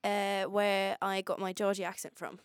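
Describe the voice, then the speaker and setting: A woman's voice: mid-range voice, flat delivery, normal speed, clear, resonant tone, dry recording. Giggly young woman podcast co-host. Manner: giggly, playful banter. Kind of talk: casual chat.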